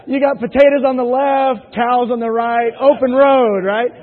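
A sales presenter in a very high voice speaks at normal speed with fairly even intonation, telling jokey stories to a live audience in a hall and repeatedly asking "right?". Audio comes through tinny and phone-like, with a long reverb tail from the hall.

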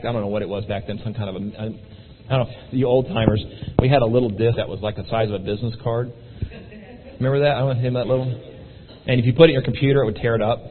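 A man telling his story to an audience in an animated way, acting out the voices of the people in it. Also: mid-range voice, slight background noise. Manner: animated, acts out quoted voices. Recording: tinny phone-like sound in a reverberant hall.

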